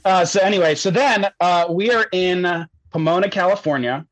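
A man's voice: high voice, moderate pace, no room sound, poor audio. Young man rambling through a story. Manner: rambling, laughing often, heavy on "like". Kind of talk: casual storytelling.

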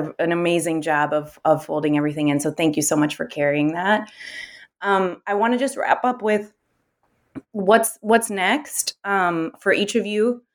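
A woman hosting an interview, thanking her guests, friendly, with fillers. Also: lowish voice. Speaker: interview host.

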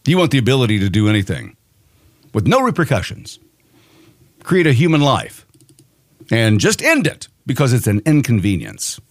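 A man's voice: medium pitch, wildly swooping pitch, normal speed, long pauses, dry recording, studio quality. A man hosting his own opinion podcast, ranting in an angry, profane and mocking way. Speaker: podcast host.

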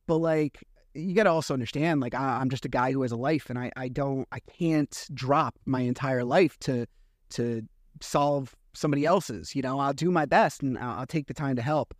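A man's voice: mid-range voice, normal speed, dry recording, clean studio sound. A man hosting his own podcast, telling a story in a casual monologue, acting out the dialogue as he vents his frustration. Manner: animated storytelling, acts out dialogue; frustrated, venting. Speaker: podcast host.

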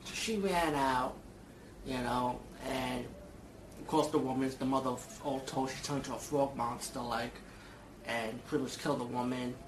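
A man's voice: mid-range voice, fairly even intonation, moderate pace, background noise. Rambling, profane man in an echoey room. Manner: rambling and profane, with many fillers and restarts. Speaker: vlogger reviewing a film. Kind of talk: casual movie review vlog.

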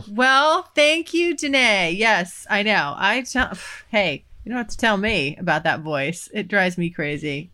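A woman hosts a casual podcast, teasing her guest frankly and laughing often. Her voice is bright and forward, sitting at an ordinary pitch for a woman. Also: sing-song, a little slow, hardly any pauses. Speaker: podcast host. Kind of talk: casual chat.

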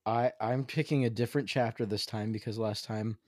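A man with a somewhat low voice co-hosts a casual podcast chat, reading out dad jokes and stumbling over his words with a wry edge. The sound is dry and close. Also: fairly even intonation, a little mellow, no room sound. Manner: halting, self-interrupting, wry. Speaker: podcast co-host.

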